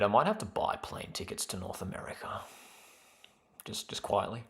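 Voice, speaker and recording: Excitable male live football host, echoey room. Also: normal speed, gravelly. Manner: casual, excitable, calls the play, bursts into loud high cheers. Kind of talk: excited live match commentary to chat viewers.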